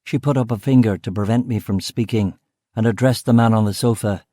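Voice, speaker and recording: A man narrating a crime novel in the first person, steady and measured. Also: on the low side, no echo, studio quality. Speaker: audiobook narrator.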